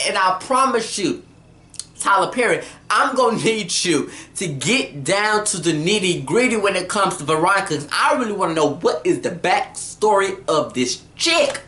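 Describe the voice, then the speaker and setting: A woman giving an animated, talkative episode recap and acting out the scenes. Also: medium pitch, echoey room. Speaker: TV recap vlogger.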